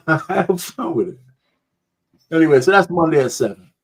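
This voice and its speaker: A man's voice: a little high, expressive, a little slow. A man talking casually as a panelist on a call, rambling and laughing easily.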